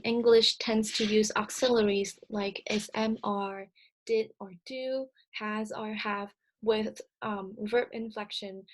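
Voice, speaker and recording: A young woman delivers a recorded slide lecture in a slightly higher voice. She explains each point carefully and methodically, pausing on ums and correcting herself mid-phrase. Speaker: speech-language presenter.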